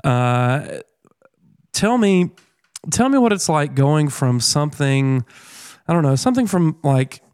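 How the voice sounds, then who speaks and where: A man hosting an interview, asking questions in a rambling way with frequent pauses. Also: fairly high pitch, sing-song, darkish tone, smooth, no echo, clean studio sound. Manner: rambling, hesitant, many "uh" and "um" pauses. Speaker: interview host. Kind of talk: casual interview chat.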